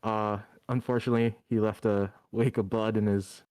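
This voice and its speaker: A man with a low, smooth voice introduces his character for a tabletop game. He talks plainly and steadily. The sound is dry and close. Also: level tone, normal speed, darkish tone, no room sound. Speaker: player. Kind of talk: casual self-introduction.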